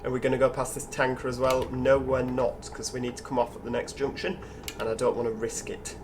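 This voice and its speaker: A man's voice: medium pitch, level tone, brisk, background noise. A man with a Yorkshire accent hosting casual gameplay commentary, chatty, musing aloud and talking to the other drivers. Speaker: gaming channel host.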